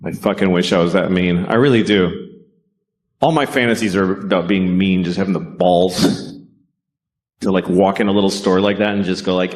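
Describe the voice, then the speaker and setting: A man doing a stand-up comedy set, swearing freely, with deadpan asides and sudden high-pitched outbursts. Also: moderate pace.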